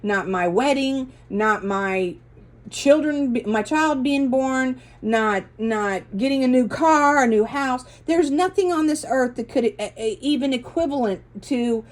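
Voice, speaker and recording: Her voice sits high and moves a little slowly as this middle-aged religious video host relates her testimony in a casual monologue. It's earnest and meandering, with frequent mid-sentence self-corrections.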